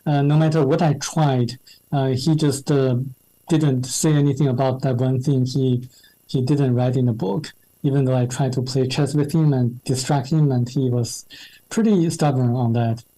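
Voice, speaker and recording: A man's voice: mid-range voice, fairly even intonation, normal speed, warm tone, rough recording. A man whose first language is Chinese, a translator answering interview questions with many fillers and restarts. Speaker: guest, translator.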